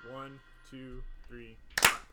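A man narrating as game master of a tabletop game podcast, playful and quick to laugh, talking over a remote call. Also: mid-range voice, little pitch movement, over loud music.

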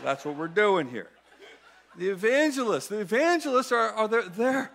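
A man preaching a sermon in a church, animated and playful, with emphatic, sudden loud bursts. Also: high voice, normal speed, slight background noise. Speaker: guest preacher.

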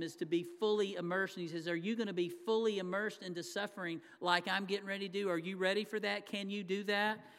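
A man's voice: high voice, a bit bright. A man preaching a sermon as pastor, talking conversationally to the congregation and acting out the quoted lines. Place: church sanctuary. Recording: long hall reverb.

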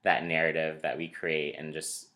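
A man's voice: rumbling low, flat delivery, moderate pace, pushed and bright. A man co-hosting a casual podcast chat, talking in a rambling, digressive way. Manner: rambling, digressive, many fillers and restarts. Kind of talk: casual conversation.

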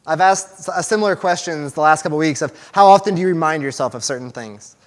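A man's voice: fairly high pitch, fast talker. A young man giving a casual, conversational sermon to a small church group, with restarts and fillers as he talks to the room. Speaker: church teacher.

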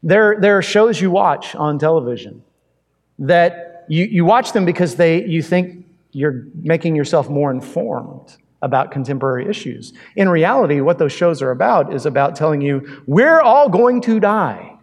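A male pastor with a slightly high voice preaches in an easy, conversational way. He fires off rhetorical questions and swings between loud and quiet. A long reverb from a large church hall hangs on his words. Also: lively intonation, moderate pace. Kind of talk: sermon.

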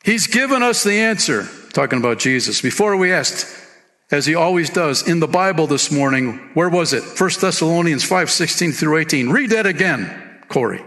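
A man preaching as a church pastor, lively and casual, reading aloud and singing short lines. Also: fairly high pitch, moderate pace. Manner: animated, sings hymn lines and reads book passages aloud. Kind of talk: sermon. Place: church sanctuary. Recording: long hall reverb.

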